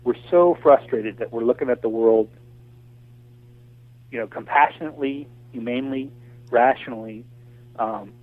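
A man's voice: mid-range voice, moderate pace, long pauses. An American man talking passionately in a casual call conversation, ranting with lots of restarts and fillers. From United States. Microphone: phone or voice call. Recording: tinny phone line, dry.

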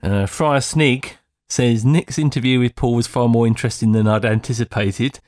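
A man's voice: mid-range voice, steady tone, moderate pace, darkish tone, dry recording, studio quality. A man hosting a casual podcast, reading out listener feedback in a rambling, self-deprecating way with many fillers.

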